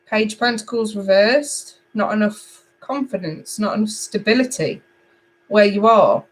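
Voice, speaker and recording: A middle-aged woman from England reading tarot cards live, chatty and animated as she talks to viewers. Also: medium pitch, unhurried, poor audio. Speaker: tarot reader.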